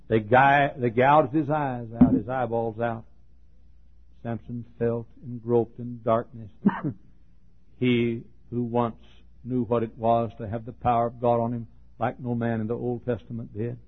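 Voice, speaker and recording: Husky folksy preacher on tinny tape. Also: male voice, medium pitch. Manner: folksy, chuckling, frequent coughs. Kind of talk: sermon with humorous storytelling. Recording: tinny phone-like sermon tape.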